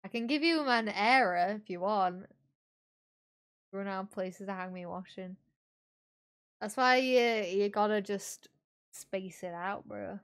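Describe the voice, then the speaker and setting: A woman's voice: mid-range voice, a little slow, pauses often. Bantering woman co-hosting game commentary. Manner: bantering, easily confused, laughing. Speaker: co-host. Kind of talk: casual commentary on a wrestling game.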